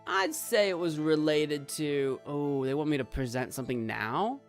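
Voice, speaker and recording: A man streaming a game, giving playful, animated commentary and bantering with his chat. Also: on the high side, normal speed, faint music behind. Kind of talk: let's play commentary.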